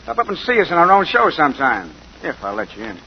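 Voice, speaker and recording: A man's voice: on the high side, very animated, fast talker. Sneering slangy dance partner guy, swings up and down a lot, old lo-fi radio hiss. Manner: sneering, slangy tough talk. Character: sneering jealous male dance partner, bullying. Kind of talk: 1940s radio acting. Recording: dull lo-fi 1940s radio recording with hiss.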